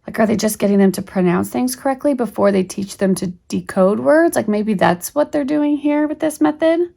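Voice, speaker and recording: A woman's voice: a little high, moderate pace, gravelly, warm tone. A middle-aged woman talking casually through a reading primer as a homeschool channel host, rambling with many fillers and restarts.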